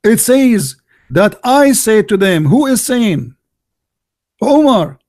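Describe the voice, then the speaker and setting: A man's voice: sits high, sing-song, takes it slowly, darkish tone, dry recording, clean studio sound. A man with hosting a live call-in debate, combative and interrupting, repeating phrases and throwing insults, saying he is losing his voice. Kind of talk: heated live debate with a caller.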